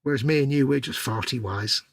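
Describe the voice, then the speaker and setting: A man's voice: mid-range voice, fairly quick, vocal fry, dry recording. A man co-hosting a casual live stream who teases his co-host with dry banter. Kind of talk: casual chat.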